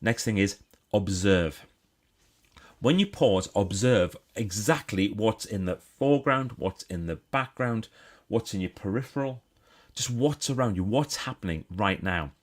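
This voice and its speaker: A man with a northeast English accent hosting a casual live stream, chatty and breaking into excited exclamations. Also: lowish voice, measured pace. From northeast England.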